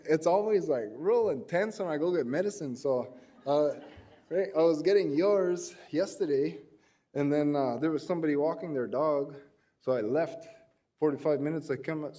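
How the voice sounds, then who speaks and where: A man with a mellow, somewhat high voice presents at an education forum. He tells rambling, self-deprecating anecdotes and restarts his sentences often.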